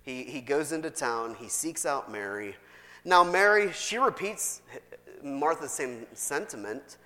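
Lively, bright-voiced male preacher. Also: mid-range voice, measured pace. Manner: chatty, asks the congregation questions, repeats points. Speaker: pastor. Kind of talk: conversational sermon. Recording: long reverb in a hall.

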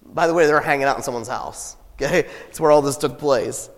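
A man's voice: medium pitch, fairly quick, big-room sound. A man preaching a casual sermon in a church, with joking asides and laughter. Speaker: pastor. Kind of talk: conversational sermon. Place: church sanctuary.

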